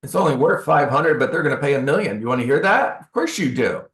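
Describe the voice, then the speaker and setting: A man's voice: mid-range voice, quick pace. Guy running a real estate training class, acts out phone calls, bit sarcastic, roomy echo. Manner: animated, acts out sales calls; sarcastic asides. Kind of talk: live training seminar. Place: training room with an audience.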